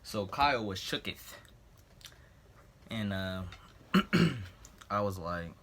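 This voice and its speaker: A teenage man telling a rambling, jokey story to the camera, breaking off for asides and frequently clearing his throat. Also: on the low side, expressive, drawn-out words, long pauses, a bit bright, a little hiss or hum. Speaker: vlogger. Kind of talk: casual storytelling.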